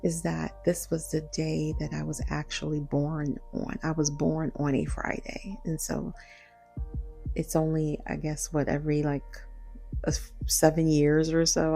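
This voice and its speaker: A woman in her forties hosting a late-night solo podcast from home, talking slowly and half-whispering as she reflects. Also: deep voice, level tone, vocal fry, dark tone, soft background music. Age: 40s. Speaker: podcast host.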